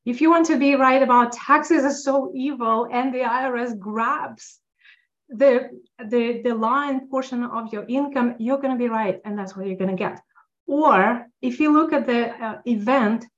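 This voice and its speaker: Woman, upbeat guest, highish voice, muffled lo-fi audio. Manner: enthusiastic, upbeat, animated storytelling. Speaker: podcast guest, tax accountant. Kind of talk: casual interview talk.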